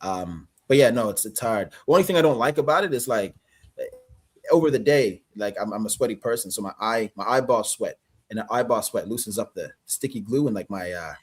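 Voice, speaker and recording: A man's voice: on the low side, lively intonation, fairly quick, slightly rough. A man with a Canadian accent, an actor guest chatting loosely with lots of fillers. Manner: loose, rambling, many fillers. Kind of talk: casual interview chat.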